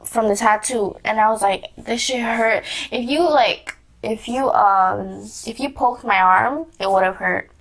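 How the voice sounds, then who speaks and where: A woman's voice: medium pitch, measured pace, few pauses, fairly bright tone. A young woman vlogger telling a casual story, rambling with lots of fillers, restarts and giggles.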